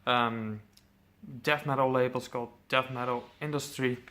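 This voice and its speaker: A man's voice: medium pitch, fairly even intonation, moderate pace, fairly bright tone. A man casually presenting his metal CD collection, enthusiastic, swearing freely, with lots of ums.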